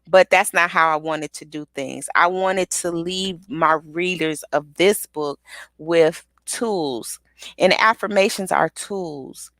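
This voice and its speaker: A woman giving an energetic motivational pep talk, repeating affirmations with rhythmic call-and-response. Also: fairly low pitch, slow, no echo. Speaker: motivational speaker and author.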